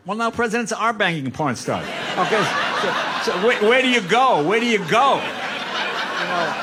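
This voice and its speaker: A man's voice: high-pitched, sing-song, noisy background. An older man, a comedian guest telling wry stories in casual talk-show chat. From United States. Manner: wry storyteller, quick punchlines.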